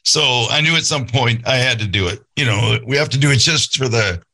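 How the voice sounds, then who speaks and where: A man's voice: medium pitch, brisk, pushed and bright, low-quality recording. A man in his sixties, a podcast host, telling his own life story in an earnest, reflective, conversational way, thinking aloud as he goes. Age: 60s.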